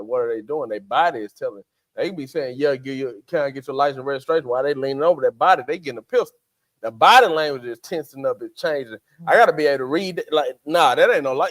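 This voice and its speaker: A man's voice: a little high, a bit bright. A man, co-hosting a faith podcast in casual chat, acting out quotes in character voices. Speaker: podcast co-host.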